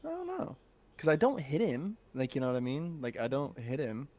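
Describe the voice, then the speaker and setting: A man's voice: mid-range voice, huge pitch swings, normal speed, darkish tone. A man co-hosting a podcast, talking in a laid-back, casual way and swearing freely. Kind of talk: casual chat.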